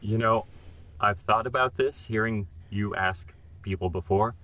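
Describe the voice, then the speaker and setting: A man's voice: on the low side, a little slow, pushed and bright, highs cut off. A man, a voice actor guest on a podcast, answering in a modest, earnest way. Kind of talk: interview answers.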